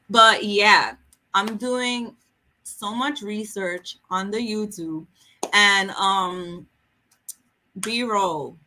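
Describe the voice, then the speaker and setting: A woman's voice: medium pitch, sharp tone. A woman hosting a book vlog, chatting casually and jokingly with viewers during a livestream. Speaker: book vlogger host. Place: home in a city.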